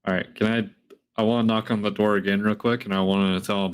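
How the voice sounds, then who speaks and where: A man's voice: on the low side, little pitch movement, brisk, clear, resonant tone. A man playing a tabletop game online, eagerly asking questions about the rules and sometimes speaking as his character. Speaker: player.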